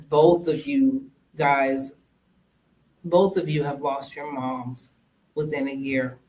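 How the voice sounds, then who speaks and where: A podcast host leading a conversational interview, speaking in a gentle, empathetic way. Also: medium pitch, a little hiss or hum, rough recording. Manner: gentle, empathetic, acts out quoted dialogue.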